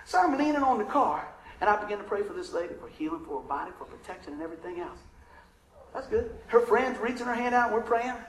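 A man with a high voice tells a story from the pulpit, folksy and heartfelt, asking the crowd for an amen now and then. His voice rings out in a roomy, echoing hall. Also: animated, fast talker. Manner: emotional, conversational, Southern-tinged storytelling with asides to the congregation. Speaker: preacher. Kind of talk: storytelling sermon.

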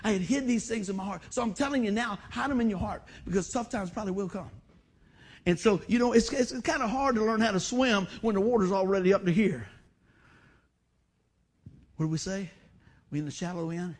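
A man's voice: sits high, fairly quick, pauses often, slightly rough. A middle-aged man preaching a sermon, repeating phrases and urging the congregation on. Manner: emotional, repetitive exhortation with call-and-response asides. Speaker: pastor.

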